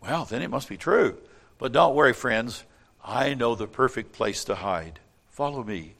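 A man's voice: mid-range voice, animated, a little slow, a bit bright, exaggerated voice. A man voicing a sly, scheming male fox who coaxes the others along with false friendliness in a children's story. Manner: smooth, coaxing invitations.

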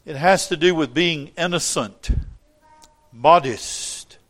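A man's voice: a little high, takes it slowly, fairly bright tone. A man preaching a sermon, reading scripture aloud and explaining it with wry asides to the congregation.

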